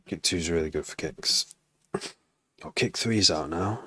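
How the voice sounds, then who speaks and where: Man from Cheshire, music producer, casual rambling stream chat, deep voice. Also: measured pace, sharp tone, breathy edge, no echo. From Cheshire, England. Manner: rambling, chatty, full of asides.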